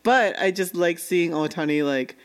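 A woman's voice: lowish voice, moderate pace. A woman in casual conversation recapping an anime, chatty and laughing often as she acts out characters' lines. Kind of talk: casual chat reviewing an anime.

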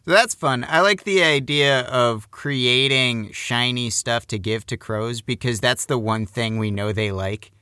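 A man's voice: medium pitch, a little slow, few pauses, bright, forceful tone, smooth, no echo, studio quality. A man co-hosting a podcast in casual chat, full of wry jokes and banter. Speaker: podcast co-host.

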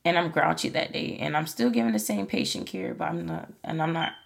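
A woman's voice: deep voice, animated, brisk, vocal fry. A woman hosting a podcast, talking in a casual, earnest and encouraging way, full of "like" and "you know". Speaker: podcast host. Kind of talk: casual motivational monologue.

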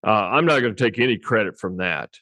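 A man sits at a podcast mic, talking about his cattle business in easy, meandering chat. His voice sits low and the recording is dry and close, with no room sound. He chuckles as he goes. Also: animated, fast talker, sharp tone, no room sound. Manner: rambling storyteller, chuckles often. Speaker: podcast co-host and cattle breeder. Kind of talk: casual chat.

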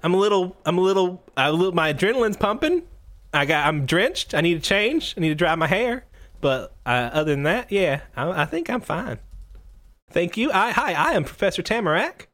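Man playing a scatterbrained lady scientist, high and lively, stammering, cheerful. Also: brisk. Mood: flustered. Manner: rambling, stammering, upbeat. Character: scatterbrained woman professor, cheerful and flustered.

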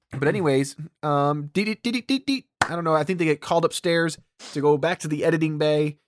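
In a casual movie recap chat, a podcast co-host with a fairly high voice speaks quickly, rambling through the plot with lots of ums and performing the characters' lines.

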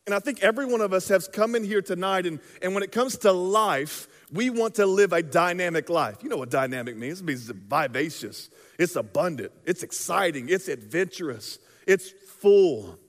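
High-voiced male pastor preaching in a hall. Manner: casual, conversational preaching with fillers and acted asides. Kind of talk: sermon.

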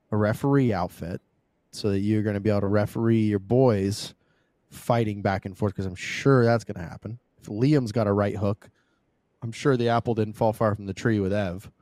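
A podcast co-host with a lowish voice talks at a moderate pace in a dry, echo-free recording. He's casual and animated, cursing freely while cracking jokes and reading sponsor spots.

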